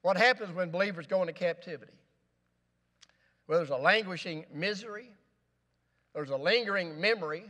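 A man's voice: sits high, moderate pace, pauses often, bright, forceful tone, big-room sound. A male pastor preaching a sermon in a church, with rising emphasis and rhetorical questions. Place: church sanctuary.

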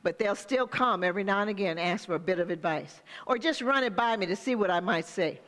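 A woman's voice: medium pitch, lively intonation, a little fast, fairly bright tone, long reverb tail. An older woman pastor preaching a sermon, speaking straight to the congregation with call-and-response asides.

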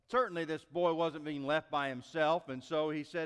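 A man preaching a sermon as pastor, telling a story in a folksy, animated way with many restarts. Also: a little high, a little fast, hardly any pauses, smooth. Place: church sanctuary. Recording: long reverb of a church sanctuary.

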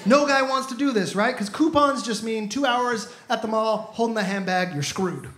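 A man's voice: high-pitched, moderate pace, fairly bright tone. Exasperated male stand-up comic. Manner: exasperated, punchy storytelling. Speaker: stand-up comedian. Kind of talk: stand-up comedy set. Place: comedy club stage. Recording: echoey room with crowd laughter.

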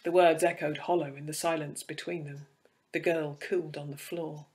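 A man giving a measured, dramatic reading of dark fiction. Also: a little high, flat delivery, slight background noise. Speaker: reader.

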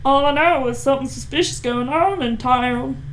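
A woman co-hosting a let's play, chatting playfully and reading the game's text aloud. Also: sits high. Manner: playful, giggly, quick asides. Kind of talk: casual gameplay chat, reading game text aloud. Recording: noisy home recording.

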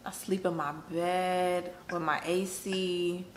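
A woman telling a funny story in casual chat, animated, laughing, acting out voices. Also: fairly low pitch, slow pace. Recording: echoey room with noise.

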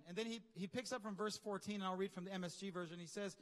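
Male pastor, high-pitched, lively conversational preacher, reverberant hall sound. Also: quick pace, hardly any pauses. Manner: animated, conversational preaching with slang and asides. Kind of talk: sermon. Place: large church hall.

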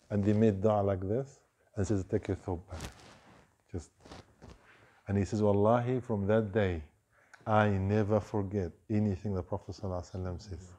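Animated man telling a mosque story. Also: on the low side. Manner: animated storytelling, acts out quoted voices, frequent Arabic phrases. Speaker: imam giving a short evening reminder. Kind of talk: storytelling sermon.

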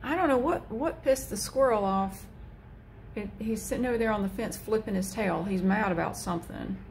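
A woman vlogger chatting casually while filming a cat outside, with a drawn-out, easygoing manner. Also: slight background noise. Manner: chatty, slow and drawn out, slips into high baby talk for the cat.

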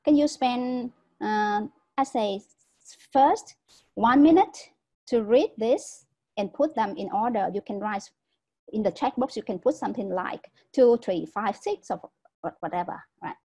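Over a video call, a woman gives an online lecture training teachers, her voice warm, mellow, slightly husky and a little high. She explains patiently and unhurriedly, step by step, often checking in with "right?". The recording is rough.

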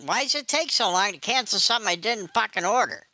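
A woman's voice: medium pitch, expressive, quick pace, pushed and bright. A woman voicing a cranky, foul-mouthed older man on a prank phone call, impatient and swearing. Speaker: scam baiter.

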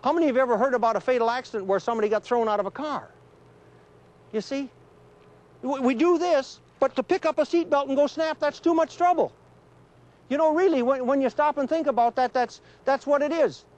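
Middle-aged guy with a really high voice, folksy storyteller talking to a class, muffled old film audio. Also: brisk, a little mellow. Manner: folksy, conversational, draws pictures while telling stories. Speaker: retired police trooper giving a safety talk. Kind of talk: folksy storytelling lecture to students. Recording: dull lo-fi early 1980s film audio.

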